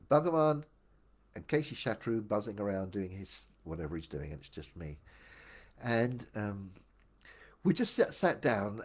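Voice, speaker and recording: An older man tells his own life story in a casual, wandering, reflective way, frequently restarting his sentences. His voice is lowish and a little mellow, with a breathy edge.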